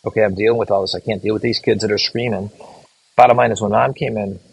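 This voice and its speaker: A middle-aged man, a physician assistant educator, telling a case story to students in an earnest, halting way with restarted words. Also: on the low side, fairly even intonation, creaky, slightly rough, no echo, poor audio.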